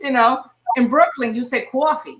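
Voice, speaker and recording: A film producer in her forties from Boston, Massachusetts, chats casually as a guest in an interview and laughs often. Her medium-pitched voice is pushed and bright at a moderate pace, recorded poorly on a distant mic in an echoey room.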